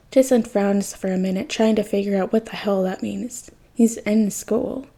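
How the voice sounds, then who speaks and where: A woman reading fan fiction aloud in a soft, intimate narration that sometimes drops close to a whisper. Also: medium pitch, fairly even intonation, unhurried, creaky, breathy edge. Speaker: podfic reader.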